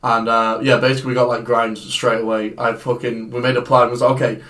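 A man co-hosting a podcast, telling sweary, animated anecdotes in casual chat. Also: medium pitch, brisk, far from the mic. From Ireland. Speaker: podcast co-host.

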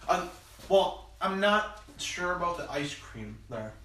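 A man's voice: sits high, very animated, takes it slowly, sharp tone. A young man hosting a casual chat, rambling with lots of fillers and restarts. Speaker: podcast host. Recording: roomy, distant mic with background noise.

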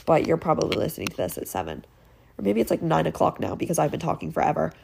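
Gravelly-voiced teenage girl podcaster. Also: low voice, sing-song, fast, a little mellow, slight background noise. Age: teens. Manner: chatty, rambling, filler-heavy, self-mocking. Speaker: podcast host. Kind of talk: casual solo podcast chat.

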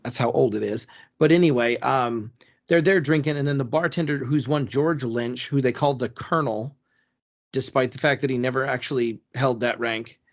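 A man's voice: mid-range voice, moderate pace, dull audio. A man co-hosting a casual history podcast, retelling a story loosely, with lots of "like" and "um". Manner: rambling storyteller, constant "like" and "um" fillers. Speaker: podcast co-host.

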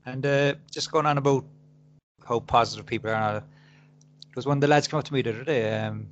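A man's voice: mid-range voice, fast, highs cut off. A man with an Irish accent joking and telling stories on a casual podcast. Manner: swearing, storytelling, joking. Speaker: podcast co-host. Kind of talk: casual banter.

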